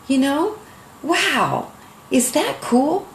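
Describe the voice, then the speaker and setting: An older woman art teacher speaks with open sentiment, her voice edged with a gravelly creak. She tells emotional stories to her students. The sound is roomy and echoey, with faint noise behind her. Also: mid-range voice, unhurried. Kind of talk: heartfelt online lesson talk.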